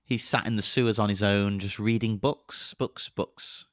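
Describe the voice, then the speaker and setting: A man's voice: lowish voice, fairly even intonation, normal speed, no echo, clean studio sound. A man guesting on a podcast, chatting casually in a playful, teasing way.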